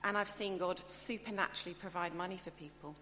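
A woman preaching a sermon in a chatty, expressive way, often breaking off and restarting her thoughts. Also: lowish voice, fast talker. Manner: chatty, expressive, self-interrupting. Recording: echoey hall, faint hum.

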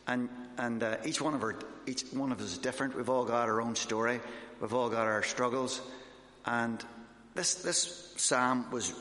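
A man's voice: medium pitch, fairly even intonation, moderate pace, pushed and bright. A man, a missionary, giving an informal sermon with his own testimony, talking conversationally with fillers and restarts. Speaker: missionary preacher. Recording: echoey hall.

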